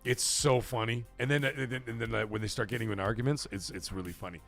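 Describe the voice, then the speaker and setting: A man's voice: medium pitch, steady tone, fast talker, gravelly, fairly bright tone, soft background music. A man hosting a casual livestream from a home game room, rambling, swearing, laughing often and reading chat aloud. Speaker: livestream host.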